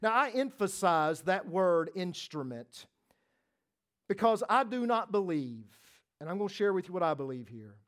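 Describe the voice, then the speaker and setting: A man preaching a sermon, swinging from loud, emphatic lines to soft, hushed ones and repeating phrases for emphasis. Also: high voice, sing-song, normal speed.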